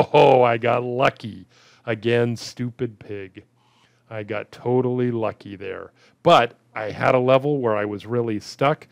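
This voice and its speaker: Gravelly man thinking aloud over a game. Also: mid-range voice, no echo. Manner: thinks aloud, mutters at the game, self-deprecating. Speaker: game commentator. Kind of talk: casual gameplay commentary.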